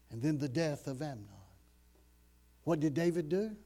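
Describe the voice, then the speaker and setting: A man preaching a sermon dramatically, rising to loud emphasis and dropping to hushed, low phrases. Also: moderate pace, pauses often.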